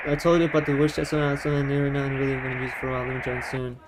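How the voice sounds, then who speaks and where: A man talking casually on a live stream while gaming, in a loud, projecting voice, often repeating himself for emphasis. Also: mid-range voice, monotone, racing, very noisy.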